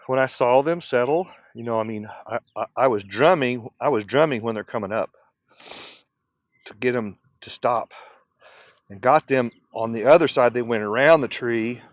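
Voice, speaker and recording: A male beekeeper teaching casually while working in his apiary, thinking aloud in an unhurried way and often clearing his throat. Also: mid-range voice, no echo, dull audio. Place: outdoor apiary.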